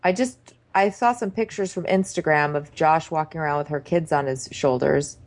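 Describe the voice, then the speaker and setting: A woman co-hosting a comedy recap, deadpan and mocking. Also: sits low, moderate pace. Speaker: podcast co-host.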